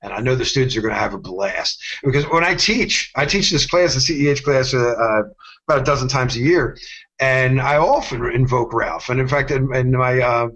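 A man's voice: mid-range voice, fairly quick. A man, a security instructor, talking casually in an interview and acting out the voices in his stories. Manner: animated, acts out quoted voices in stories.

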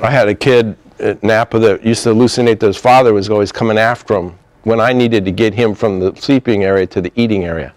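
A man's voice: fairly low pitch, steady tone, fast, few pauses, darkish tone, no room sound. Chatty middle-aged man, dry sound. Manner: conversational, acts out dialogue with laughs. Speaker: therapist. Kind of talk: informal talk on communication.

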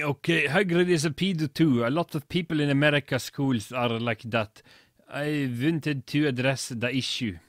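A man's voice: medium pitch, no echo, clean studio sound. A man reading a badly written story aloud for comedy, mocking it and stumbling over its misspellings. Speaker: reader.

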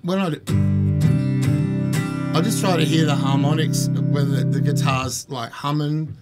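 A man's voice: on the high side, unhurried. Barky-voiced man chatting about guitars. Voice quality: a bit barky. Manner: laughing, rambling, self-deprecating. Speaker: co-host. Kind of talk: casual chat about guitars. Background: guitar playing.

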